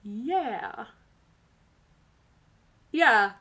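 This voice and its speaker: This tarot reader's fairly high voice is expressive, bright, and forceful, with drawn-out words. Hosting her livestream, she chats sassily and casually with viewers and laughs frequently.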